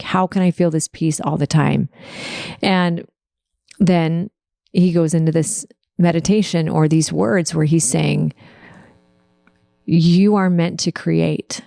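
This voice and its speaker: A woman hosts her podcast and shares a personal story in a heartfelt, faith-focused way. She speaks slowly, with a gravelly edge to her voice. The sound is close and dry. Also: fairly low pitch, a little mellow, no echo. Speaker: podcast host.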